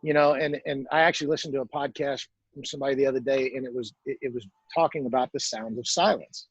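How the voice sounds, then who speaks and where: A man's voice: mid-range voice, fairly even intonation, fast, breathy edge, no echo, highs cut off. A man hosting an interview podcast, talking in a thoughtful way and repeating words as he searches for them. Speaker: podcast host. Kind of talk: reflective interview chat.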